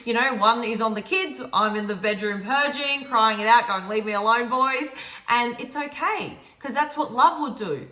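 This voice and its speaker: A woman's voice: fairly high pitch, moderate pace, few pauses, sharp tone. A woman co-hosting a casual talk to camera, giving earnest, encouraging spiritual advice. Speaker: spiritual teacher and co-host. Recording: echoey room.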